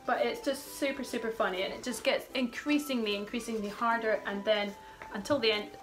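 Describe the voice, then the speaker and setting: A woman in her thirties chats animatedly about children's rhyming books. Her voice sits a little high. Music plays over the recording. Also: brisk, rough recording. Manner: chatty, animated, reads rhymes aloud with playful emphasis. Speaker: children's book blogger. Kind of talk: casual book recommendations with read-aloud.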